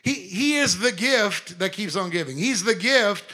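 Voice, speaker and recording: A man preaching a sermon, animated, full of quick asides and rhetorical questions to the congregation. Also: high voice. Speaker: pastor.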